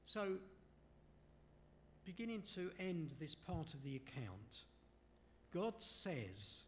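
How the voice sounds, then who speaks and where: A man preaching a sermon in an unhurried way, asking his listeners rhetorical questions and making apologetic asides. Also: fairly high pitch, big pitch swings, a bit bright, slight background noise. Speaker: preacher leading a Bible study.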